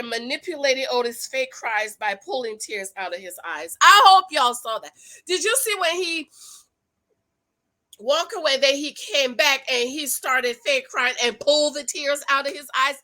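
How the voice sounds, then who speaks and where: Sassy, animated woman recapping a show. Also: sits high, rough recording. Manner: sassy, talks straight to viewers; emphatic, repeats points for effect. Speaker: reality TV recap host. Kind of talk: casual recap commentary to viewers.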